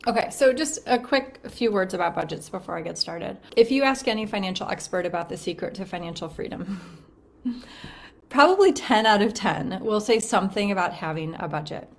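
A woman's voice: medium pitch, fairly quick. A woman hosting a podcast as a financial coach, talking in a chatty, upbeat way, a little out of breath. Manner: upbeat, chatty, uses "right?" often. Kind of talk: solo podcast talk.

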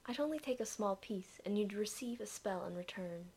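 A woman's voice: mid-range voice, fairly quick, darkish tone, lightly acted. A woman voicing a small, mischievous female ice creature who speaks in a teasing, coaxing, often whispered voice. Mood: sly.

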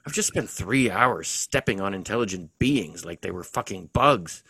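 A furious young soldier rants and swears, his fairly low voice jumping up hard as he shouts, as a man reads him aloud. The sound is close and dry with no room around it. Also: lively intonation, moderate pace, gravelly, husky, no echo, exaggerated voice. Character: angry young male soldier narrator.

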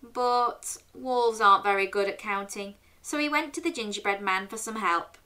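A woman's voice: mid-range voice, normal speed. A woman in her thirties hosting a children's story show, reading a picture book aloud and asking the young listener questions. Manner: animated, asks the listener questions and waits for answers.

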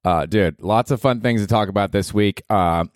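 A man's voice: fairly low pitch, normal speed, dry recording, studio quality. A young man hosting a solo comedy podcast, rambling and self-mocking. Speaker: podcast host.

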